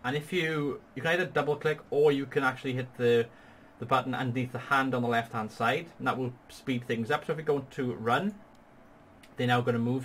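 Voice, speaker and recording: A man guides a partner through a strategy game battle, explaining each move in a patient, upbeat tone. His pitch sits in a middle range for a man. A faint hiss runs underneath his voice. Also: a bit bright. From Wales. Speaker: gaming channel host. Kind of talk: strategy game tutorial commentary.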